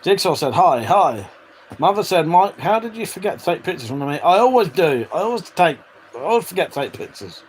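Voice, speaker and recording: A man's voice: on the high side, very animated, fairly quick, a little hiss or hum, low-quality recording. A man hosting a casual live stream, reading out chat messages, swearing freely and chuckling between remarks. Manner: chatty, swears freely, laughs often. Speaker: livestream host reading chat.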